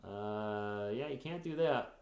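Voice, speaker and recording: A man's voice: fairly low pitch, expressive, slow pace, creaky, darkish tone, echoey room, dull audio. A man hosting a casual live sports stream, chatting about the games and answering viewers in the chat, sounding tired. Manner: chatty, reacts to games and reads chat aloud. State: tired, yawning.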